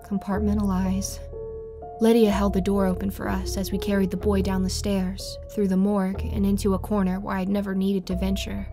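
A woman narrating a horror story in the first person with an even, steady delivery. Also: medium pitch, moderate pace. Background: faint music.

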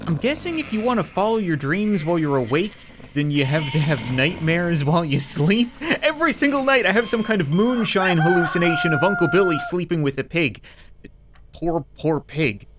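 A YouTuber commenting on a game with sarcastic jokes and quick asides to the characters. The voice sits at a middling pitch but swings up and down a lot. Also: sing-song, background noise. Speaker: gaming YouTuber. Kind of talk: gameplay commentary.

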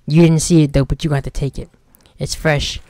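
A man's voice: on the high side, fairly even intonation, a little fast, a little mellow, no room sound, studio quality. A young man giving casual let's-play commentary, joking and talking back to the game's characters. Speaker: gaming streamer.

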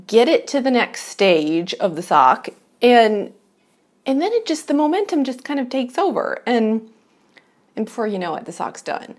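A woman's voice: a little high, sing-song, normal speed. A woman chatting casually to her own camera at home, rambling and self-deprecating as she shows her knitting projects. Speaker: knitting vlogger. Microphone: camera she is filming herself with.

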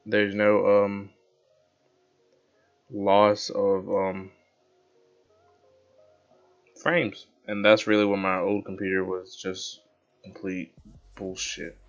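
A man casually commentating over his own gameplay footage, rambling, excitable and poking fun at himself. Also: lowish voice, slow, long pauses. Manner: rambling, excitable, self-mocking. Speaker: gaming channel host. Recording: dull lo-fi with background music.

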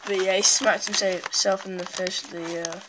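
Chatty woman vlogger for a home toy unboxing, rambling commentary, picked up by the camera's own mic with loud noise and crinkling packaging. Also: medium pitch, little pitch movement, normal speed. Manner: rambling, chatty, talks while handling things. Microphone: handheld camera's built-in mic.

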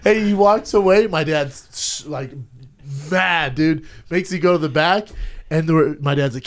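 Brief: male podcast co-host, thirties, slightly high voice, rowdy laughing storyteller. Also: normal speed. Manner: loud, laughing storyteller with swearing. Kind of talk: casual comedic chat.

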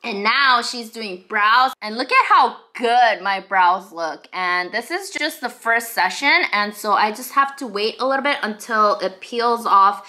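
A woman's voice: on the high side, expressive, measured pace, few pauses, bright, forceful tone. A young woman hosting a casual eating vlog, bubbly and chatty as she eats and talks to her viewers. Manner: bubbly, greets viewers as honeybees. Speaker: mukbang host.

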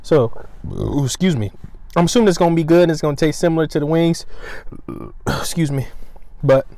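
A man chats loosely and slangily to his viewers, his voice sitting a little high for a man. He talks close to the mic in an easygoing vlog manner. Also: fairly quick, no echo, low-quality recording. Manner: relaxed, slangy, chatty between bites with frequent mm sounds. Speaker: mukbang vlogger. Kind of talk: casual eating vlog talk.

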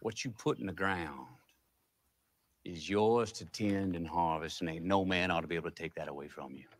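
An actor with a Southern US accent playing a defiant rebel leader, proclaiming in a slow, solemn drawl. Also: male voice, low voice, close to an everyday voice.

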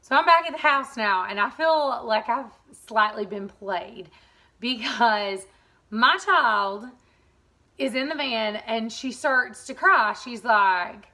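A woman vlogging casually about her family, chatting in an animated way with quick asides, recorded in a car. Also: fairly high pitch, no echo. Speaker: vlogger, mother. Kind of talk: casual family vlog chat.

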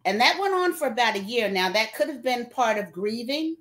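A woman's voice: on the high side, animated, a little fast, a bit bright. Earnest woman pastor sharing her story. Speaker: pastor and guest. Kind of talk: interview, personal testimony.

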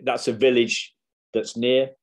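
A man's voice: medium pitch, level tone, a little slow. A man hosting a podcast interview, speaking with frequent restarts and fillers. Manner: hesitant, many restarts. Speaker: podcast host.

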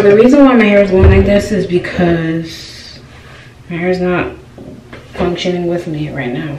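A woman's voice: lowish voice, mellow. A young woman vlogger giving a casual hair tutorial, chatting away and constantly checking in with her viewers. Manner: chatty, keeps asking viewers "y'all" questions. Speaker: beauty vlogger. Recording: roomy, distant with faint noise.

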